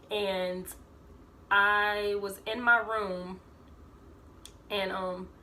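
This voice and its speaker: A woman's voice: medium pitch, steady tone, very slow, pushed and bright. A young woman, rambling through a casual storytime vlog and full of fillers. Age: 20s. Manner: rambling, filler-heavy, acts out quoted voices. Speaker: vlogger.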